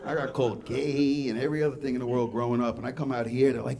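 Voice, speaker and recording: A man's voice: medium pitch, expressive, a little fast. A man from Queens doing a brash, profane stand-up comedy set on a club stage. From Queens, New York. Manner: brash, profane, acts out dialogue. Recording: live club with audience laughter. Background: crowd laughing.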